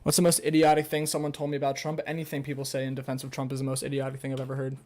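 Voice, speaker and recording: A man's voice: mid-range voice, monotone, rapid-fire, darkish tone. A young man on a casual livestream, reading an article aloud with stumbles and rambling, sarcastic asides full of swearing. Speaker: streamer.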